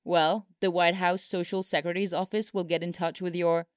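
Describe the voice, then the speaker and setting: A woman voicing a brisk, patient male political aide with a light teasing manner, in a storybook reading. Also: fairly low pitch, flat delivery, smooth, no echo, studio quality, lightly acted. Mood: amused.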